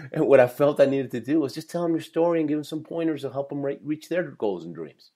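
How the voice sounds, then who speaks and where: A man's voice: on the high side, expressive, quick pace, dark tone. A man in his fifties, a professional speaker, telling his life story in a podcast interview with energy and frequent laughter. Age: 50s.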